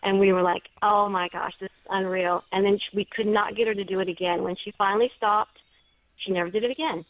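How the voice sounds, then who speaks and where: A woman's voice: medium pitch, steady tone, fast, no echo. A woman guest on an interview show, telling a personal story in a chatty way with small restarts. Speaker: guest, paranormal story writer. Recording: dry, slightly dull lo-fi sound.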